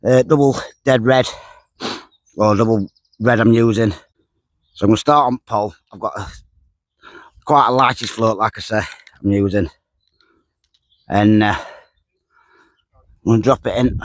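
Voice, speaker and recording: A man's voice: mid-range voice, normal speed, pauses often, dry recording. A man, chatting casually to camera while fishing by a lake, dropping words and repeating himself. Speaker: fishing vlogger. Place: lakeside outdoors.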